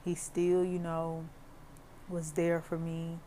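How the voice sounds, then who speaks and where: A woman's voice: on the low side, completely flat delivery, takes it slowly, mellow, a little hiss or hum. A young woman who works as a therapist, talking casually and heartfelt on her podcast, with many "you know" fillers. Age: young adult.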